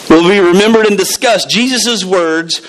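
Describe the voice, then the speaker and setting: A man with a high-pitched voice delivers a church sermon full of stories, animatedly acting out their characters and their lines. The audio quality is poor.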